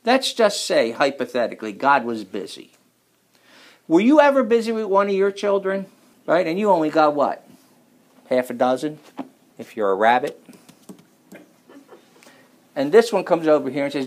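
A man with a gravelly, fry-edged voice preaches in a church. He mixes folksy, joking storytelling with slow, emphatic scripture reading. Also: fairly high pitch, sing-song. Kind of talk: sermon with storytelling.

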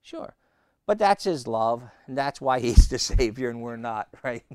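A man preaching a sermon, emphatic and repetitive, quizzing his listeners and slowing down to read scripture. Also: mid-range voice, lively intonation, darkish tone, no room sound, studio quality. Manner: emphatic, repeating phrases and asking the congregation questions; slows right down on scripture quotes.

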